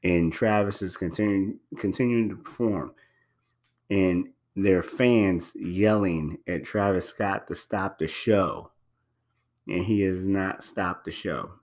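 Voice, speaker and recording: Male podcast host, low voice, casual and emphatic delivery, lots of fillers and repeats. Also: slow, darkish tone. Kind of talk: casual spoken commentary.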